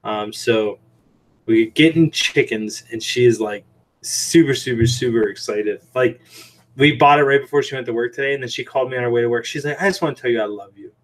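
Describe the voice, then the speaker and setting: In a brisk, mid-range voice, an aquarium shrimp seller hosts a relaxed livestream from his fish-tank-lined home room. Chatty and anecdotal, he tells stories in a meandering way thick with "like" and "um".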